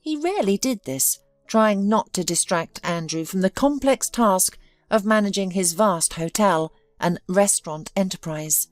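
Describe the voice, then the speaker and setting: A woman's voice: medium pitch, a little mellow, no echo. A woman telling a dramatic story in scripted narration.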